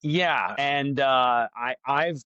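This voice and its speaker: Bright, forceful-voiced man talking frankly. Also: medium pitch, extremely slow, clear, resonant tone, no echo, dull audio. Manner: candid, frank, talks through his thinking with many fillers. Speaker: jiu-jitsu black belt and academy owner, guest. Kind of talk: casual podcast conversation.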